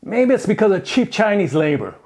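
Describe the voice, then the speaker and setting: Animated man with a gravelly voice. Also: high voice, brisk. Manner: animated, joking, rambling with asides. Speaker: channel host. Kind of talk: casual opinion commentary.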